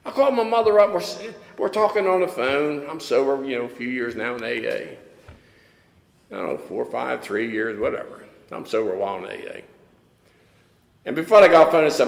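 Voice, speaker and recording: A man's voice: mid-range voice, lively intonation, brisk, creaky. An older man with a Texan accent giving a plainspoken, wryly humorous share at a recovery meeting. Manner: plainspoken storytelling with wry humor. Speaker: AA speaker. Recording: echoey hall with long reverb.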